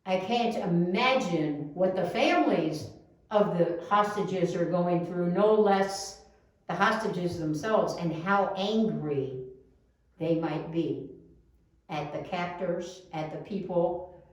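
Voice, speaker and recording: A woman leading a non-religious service, giving slow, soothing guidance with emphatic repetition. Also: fairly low pitch. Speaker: service leader. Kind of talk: sermon on mindful walking. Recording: echoey room, distant mic.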